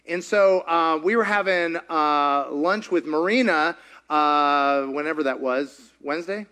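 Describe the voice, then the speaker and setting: A man preaching a sermon, telling a story in an animated, chatty way and laughing often. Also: a little high, unhurried. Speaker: pastor.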